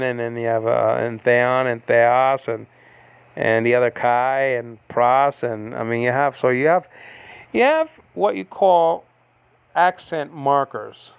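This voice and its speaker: A man teaching a recorded lesson in a gravelly voice with a smooth, clear core. He explains step by step and fills his pauses with small hesitations. He often checks that his listener is following. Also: medium pitch. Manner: explains slowly with many fillers and checks. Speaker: Greek language teacher. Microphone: recording on a device he operates.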